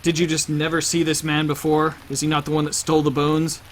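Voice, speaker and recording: A man's voice: a little high, completely flat delivery, fairly quick, a little hiss or hum, lightly acted. A man voicing a cruel, commanding male enforcer in a tabletop game. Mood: menacing. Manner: cold, commanding.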